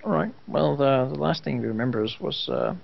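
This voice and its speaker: A man's voice: medium pitch, animated, a little fast, gravelly. A man playing a tabletop game, speaking hesitantly with many restarts. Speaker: player. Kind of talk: tabletop role-play chat. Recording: dull lo-fi voice chat.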